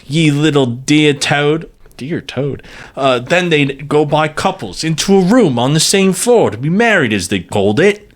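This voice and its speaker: A scandalized old-time informer with a broad Cockney accent, as a podcast host puts him on. He recounts shocking goings-on in a voice pitched well above the man's own. When he mimics women, he turns shrill and mincing. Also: a bit bright. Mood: mincing mimicry. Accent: Cockney, put on. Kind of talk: dramatic reading of a historical quote.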